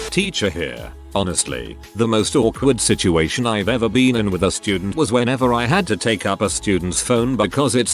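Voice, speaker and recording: A man with a low voice reads short anecdotes aloud in a scripted narration. His pitch swings widely as he tells each one. Soft music plays faintly underneath. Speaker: narrator reading forum stories. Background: faint background music.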